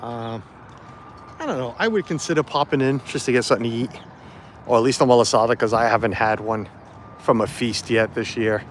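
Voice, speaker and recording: A man's voice: mid-range voice, fairly quick, a little hiss or hum. A man chatting casually on a phone livestream while walking around a festival site outdoors, rambling with lots of fillers. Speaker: livestream vlogger. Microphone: phone camera held while walking.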